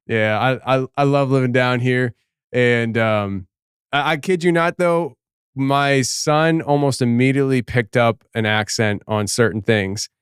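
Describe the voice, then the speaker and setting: A smooth, clear-voiced man from Philadelphia hosts a casual podcast interview, chatty and quick to laugh. The recording is dry and close, with no room sound. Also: mid-range voice, steady tone, dry recording. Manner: chatty, laughs often, repeats and restarts. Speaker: podcast host.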